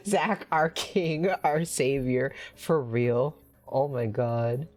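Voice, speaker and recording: A woman streamer giving casual let's-play commentary, excitable and chatty. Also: very deep voice, slow pace, soft background music. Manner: excitable and animated.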